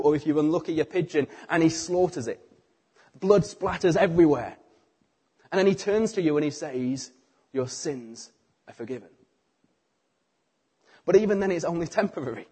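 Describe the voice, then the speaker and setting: A middle-aged British man preaching a sermon, telling the story with animated acted-out voices. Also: on the high side, slightly rough.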